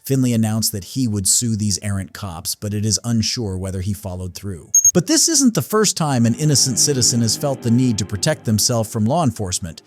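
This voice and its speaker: Measured male documentary narrator. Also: lowish voice, very animated, soft background music. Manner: measured, serious.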